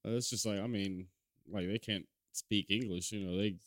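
A man's voice: lowish voice, fairly even intonation, moderate pace, fairly bright tone, no room sound. A young man as a podcast guest, blunt and rambling, swearing a lot in casual chat.

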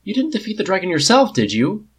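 A bold young prince who speaks cheekily and bluntly, close to the reader's own voice. A man reading the story puts him on. His voice stays low and a little husky. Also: big pitch swings, unhurried, fairly bright tone, full character voice. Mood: cheeky.

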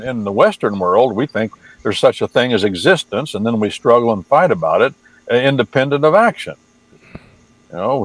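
A man's voice: medium pitch, no room sound, low-quality recording. A man who translates the Bible, talking casually on the radio and teaching with folksy, wry asides.

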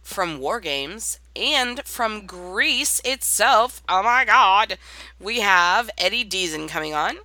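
A woman with a bright, sharp voice speaks at a middle pitch. She co-hosts a podcast and talks in a casual, gushing, excitable way. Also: takes it slowly, no room sound. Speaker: podcast co-host. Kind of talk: casual chat.

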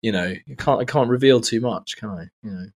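A man's voice: fairly low pitch, brisk. Hesitant man, casual chat. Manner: hesitant, lots of fillers and restarts. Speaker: podcast co-host, actor.

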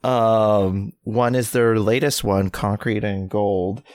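This podcast co-host talks keenly in casual conversation, wandering off track and hesitating with lots of fillers. He has a lowish, darkish voice, a steady tone, and an unhurried pace.

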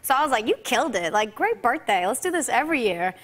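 A woman in her twenties, a guest on a talk show, chatting in a bubbly, excitable way. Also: on the high side, quick pace. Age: 20s. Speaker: guest singer. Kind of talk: casual interview chat.

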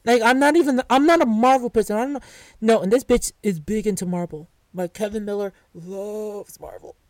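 Animated woman ranting in a dry room. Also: mid-range voice, no echo. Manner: animated, swearing, restarts and asides. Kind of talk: casual storytime rant.

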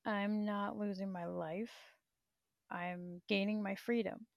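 Slow, gravelly woman livestreamer. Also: mid-range voice, steady tone, dry recording, muffled recording. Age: 30s. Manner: blunt and profane, laughs often. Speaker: livestream host. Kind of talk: candid rambling livestream chat.

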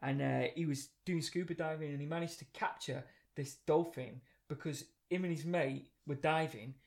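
A man's voice: a little high, moderate pace, vocal fry. A man co-hosting a podcast, telling stories with lots of energy and laughing often. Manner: animated storyteller, laughing often. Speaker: podcast co-host. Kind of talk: casual chat.

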